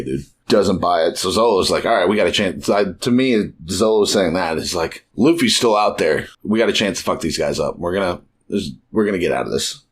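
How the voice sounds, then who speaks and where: A man's voice: low voice, slightly rough. A young man hosting a podcast, chatting casually about manga chapters, swearing and acting out quotes. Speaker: podcast host.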